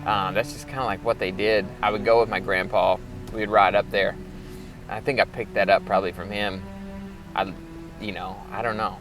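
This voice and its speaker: A man's voice: fairly low pitch, flat delivery, moderate pace, over music. A young man from Arkansas talking about his art in a loose, rambling documentary interview, full of filler words. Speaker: performance artist.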